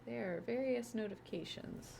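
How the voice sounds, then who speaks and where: A woman's voice: fairly high pitch, normal speed, vocal fry, warm tone, a little hiss or hum. Bubbly woman streamer on a headset. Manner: chatty and bubbly, coos at her pet. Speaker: game streamer. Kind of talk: casual live-stream chat. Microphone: wireless headset.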